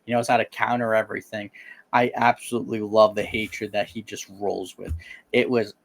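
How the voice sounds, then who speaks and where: A man's voice: on the low side, level tone, moderate pace, creaky, a little hiss or hum. A man co-hosting a casual film review podcast, talking with playful enthusiasm. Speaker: podcast co-host.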